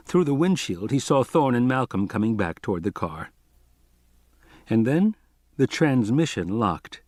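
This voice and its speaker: A man reading an audiobook aloud in an expressive, lively narrating manner. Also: medium pitch, a little slow, no room sound, studio quality. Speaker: audiobook reader.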